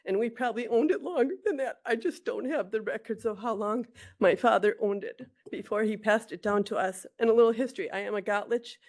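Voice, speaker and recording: A woman's voice: fairly high pitch, brisk, a little mellow. A woman reading a prepared public comment at a county committee meeting, emotional and close to tears, stumbling and restarting as she reads. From Wisconsin.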